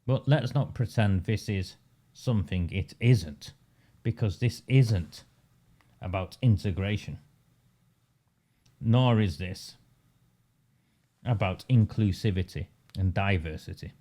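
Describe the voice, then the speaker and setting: A man's voice: lowish voice, takes it slowly, long pauses, dark tone. Sarcastic man ranting about local politics. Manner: sarcastic, combative, rhetorical questions. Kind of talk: political commentary monologue.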